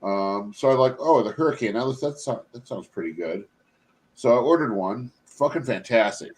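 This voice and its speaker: A man's voice: medium pitch, lively intonation, moderate pace, darkish tone. A man hosting a painting stream, chatting casually, swearing and laughing often. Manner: laughs a lot, swears freely. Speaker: stream host. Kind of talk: casual chat.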